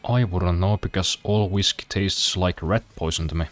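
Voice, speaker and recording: Man, deep low voice, casual gameplay chatter, dry self-deprecating humor, swears freely. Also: moderate pace, faint music behind. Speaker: streamer.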